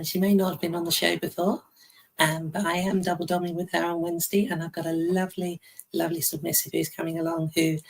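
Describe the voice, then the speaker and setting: A woman guest speaking in a casual interview chat, measured and gushing about others. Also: fairly low pitch, gravelly, low-quality recording.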